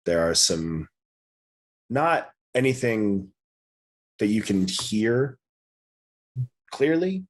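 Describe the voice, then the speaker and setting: A man's voice: low-pitched, breathy edge. A man narrating as game master of a tabletop game, casual and storytelling.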